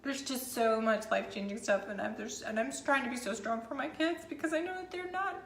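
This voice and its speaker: In an echoey room with a touch of hiss or hum, a mother in her thirties talks through a rough day on her personal vlog. Her voice sits a little high, moves fairly quickly, and has some vocal fry. Still teary from crying, she rambles and laughs through her tears at her own expense.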